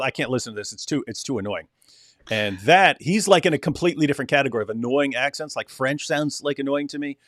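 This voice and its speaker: A man's voice: mid-range voice, a bit bright, dry recording, clean studio sound. A man co-hosting a casual livestream chat, rambling and laughing as he talks. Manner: rambling, laughing, mock accents. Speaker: co-host.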